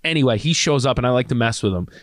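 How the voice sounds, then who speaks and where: A man's voice: medium pitch, very fast, no room sound, clean studio sound. A man co-hosting a podcast, telling a story with lots of laughing and acted-out quotes in a casual chat. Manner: animated storyteller, acts out quotes, laughs often. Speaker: podcast co-host.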